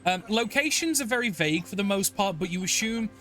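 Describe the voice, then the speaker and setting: A man's voice: sits high, expressive, a little fast, pushed and bright, soft background music. A man narrating as dungeon master in a tabletop game, rambling with many fillers and restarts. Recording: faint background noise.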